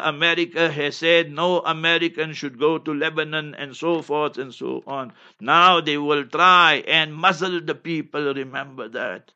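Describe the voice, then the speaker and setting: A man's voice: fairly high pitch, sharp tone, lo-fi sound. A man giving an impassioned, declamatory religious talk, hammering his points with constant reminders. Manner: fiery, declamatory, keeps repeating "remember". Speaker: religious speaker.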